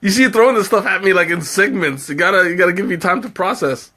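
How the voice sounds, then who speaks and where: Over a slight hiss or hum, a man with a high, fast, sharp-toned voice runs a live tea tasting. He chats casually and answers viewer comments, laughing a lot and thinking aloud.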